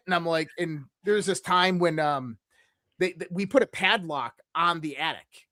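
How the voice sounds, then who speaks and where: Gość podcastu, młody mężczyzna o dość wysokim głosie, opowiada żywo i swobodnie, naśladuje dźwięki i często zaczyna zdania od nowa. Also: male voice, fairly high pitch, normal speed, dry recording, clean studio sound. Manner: animated storyteller who imitates sounds, with frequent restarts and fillers. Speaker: podcast guest. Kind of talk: casual conversational storytelling.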